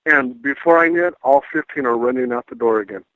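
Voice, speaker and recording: A middle-aged man tells a paranormal encounter with lively energy, slipping into the voices of the people he quotes. His voice sits at an ordinary pitch and comes through a thin, tinny phone line. The sound is dry and close. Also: fast, dry recording. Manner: animated storyteller acting out quoted voices. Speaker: paranormal investigator guest. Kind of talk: casual storytelling on a radio call-in.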